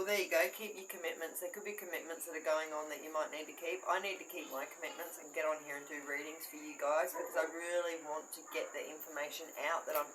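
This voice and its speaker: A woman's voice: low voice, background noise. A woman with an Australian accent giving a casual tarot reading, rambling and correcting herself and swearing now and then. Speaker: tarot reader. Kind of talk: casual spiritual chat.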